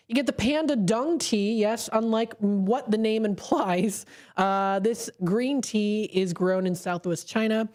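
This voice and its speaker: A woman radio host speaking into a studio microphone, her voice sitting on the low side. She talks in a chatty, rambling way, full of fillers and quick laughs. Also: a little mellow. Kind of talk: casual radio talk.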